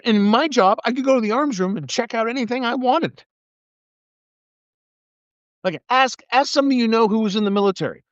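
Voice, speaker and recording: A man's voice: extremely high pitch, fairly quick, long pauses, no echo. A middle-aged man delivering an angry, profane, sarcastic political rant on a live video. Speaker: live video streamer, former military investigator. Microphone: phone or webcam mic. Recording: dry, slightly muffled live stream audio.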